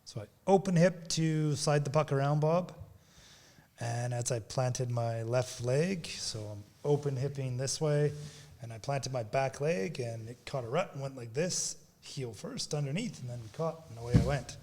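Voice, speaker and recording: A man's voice: mid-range voice, moderate pace, darkish tone. A man talks through a story on a podcast, sheepish and detailed. His voice sits in an ordinary middle range. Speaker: podcast co-host. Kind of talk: casual chat.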